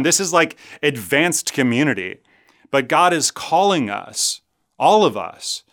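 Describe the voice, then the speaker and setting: A man's voice: mid-range voice, fairly bright tone. A man preaching a sermon as pastor, earnest and conversational, acting out quoted voices as he retells stories.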